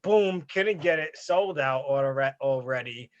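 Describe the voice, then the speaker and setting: A man co-hosting a gaming podcast, telling a story in an animated, casual way with plenty of swearing. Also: medium pitch, slow pace. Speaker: podcast co-host. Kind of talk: casual chat. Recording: dull lo-fi audio.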